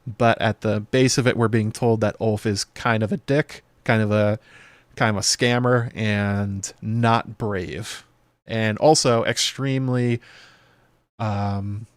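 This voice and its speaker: A man hosting a video show, talking through a TV episode in loose, chatty commentary full of fillers and quick playful impressions. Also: lowish voice, fairly even intonation, no echo. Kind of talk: casual episode breakdown commentary.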